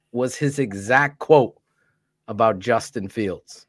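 Slow-talking profane sports ranter, man. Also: a little high, lively intonation, fairly bright tone, no room sound, clean studio sound. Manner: heated, profane, storytelling rants. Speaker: podcast co-host. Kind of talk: casual sports talk show. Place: podcast studio.

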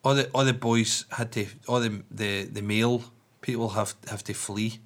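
A man's voice: on the low side, fairly even intonation, moderate pace. A man telling a story in casual podcast chat, rambling and swearing with many restarts.

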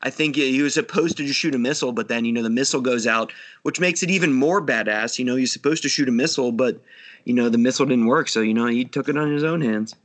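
A man's voice: mid-range voice, quick pace. A man on a casual podcast, telling movie stories enthusiastically, laughing often and swearing casually. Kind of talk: casual chat.

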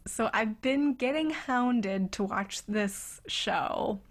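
A woman co-hosting a podcast in casual chat, bubbly and laughing often, talking in quick bursts. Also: on the high side. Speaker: podcast co-host.

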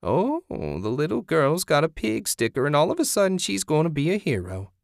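A man's voice: fairly high pitch, huge pitch swings, gravelly, no room sound, studio quality, voice pushed up, exaggerated voice. A man voicing a vicious, cackling backwoods woman who hisses taunts and threats in an audiobook. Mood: mocking. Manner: taunting, hissing, drawn-out menace.

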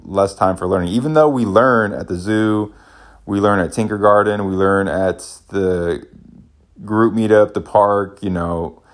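A man in his thirties, a stay-at-home dad, talking casually and rambling with many restarts as he thinks aloud. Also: low-pitched. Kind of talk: casual parenting vlog.

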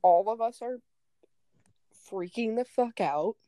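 A young woman co-hosting a podcast, telling a story in lively casual chat, swearing and acting out what people said. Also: a little high, slow, no echo. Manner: animated, swearing, acts out quotes. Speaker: podcast co-host.

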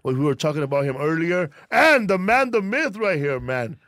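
Middle-aged male podcast host, profane teasing banter, animated high voice, dry sound. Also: moderate pace, no room sound.

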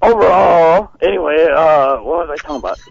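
A man calling in by phone while walking out of a concert, excitable and rambling, laughing often. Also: a little high, fairly quick, vocal fry, husky, no echo. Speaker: caller. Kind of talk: phone call from outside a concert. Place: outdoors leaving a concert. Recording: dull lo-fi phone line.

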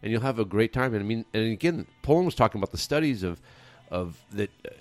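A man's voice: on the low side, expressive, quick pace, darkish tone, faint music behind. A man rambling in casual podcast chat, swearing freely and restarting his sentences.

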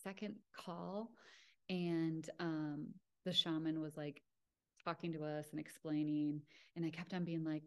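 A woman's voice: low voice, a little slow. A young adult woman hosting her own podcast, telling a personal story in a casual, chatty way with lots of fillers. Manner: chatty, filler-heavy, lively with acted-out quotes. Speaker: podcast host.

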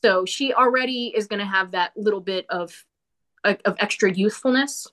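A woman talking casually about a movie she watched, animated and opinionated, with quick asides. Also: medium pitch. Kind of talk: casual movie review chat.

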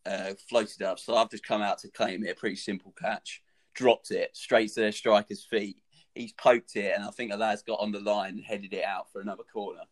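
A young man tells a story over a relaxed chat, his voice sitting a little low. He talks animatedly, swearing and laughing along with his own tale. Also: brisk. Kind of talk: casual anecdote telling.

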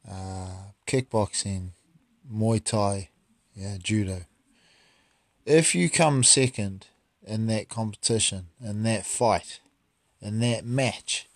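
A man's voice: fairly low pitch, no echo, clean studio sound. A man, a martial artist talking bluntly and profanely in a casual monologue.

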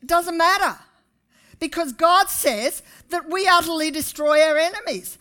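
A woman pastor, preaching a sermon to her congregation with animated, rising emphasis. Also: very high-pitched, unhurried. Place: church.

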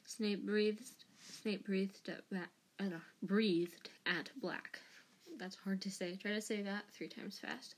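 A woman's voice: mid-range voice, steady tone, slow. A woman reading a fan audiobook aloud, unpolished and casual, restarting lines and commenting on her own slips. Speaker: audiobook reader.

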